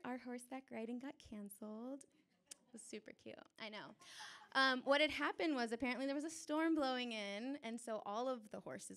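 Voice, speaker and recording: Animated young woman telling a story. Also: a little high, moderate pace. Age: young adult. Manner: animated, chatty, often laughing. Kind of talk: live personal storytelling. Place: theater stage before a live audience.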